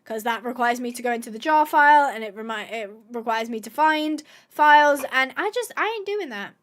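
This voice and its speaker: A woman hosting a gameplay video, chatting casually to viewers, thinking aloud with excited gasps and asides. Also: fairly high pitch, brisk. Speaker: gaming video host.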